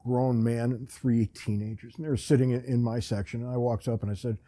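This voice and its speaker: A man's voice: mid-range voice, fairly even intonation, brisk, dark tone. A man hosting a podcast, telling a rambling, self-deprecating story in a casual, wry way. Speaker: podcast host.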